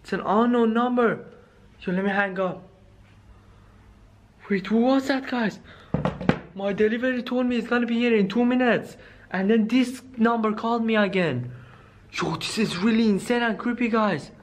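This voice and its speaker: A man's voice: high voice, normal speed, long pauses, slight background noise. A man filming a skit, talking to viewers in a jittery, spooked way. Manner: addressing viewers as guys, nervous and spooked. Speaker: video creator filming a skit. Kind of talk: scripted horror skit, talking to camera.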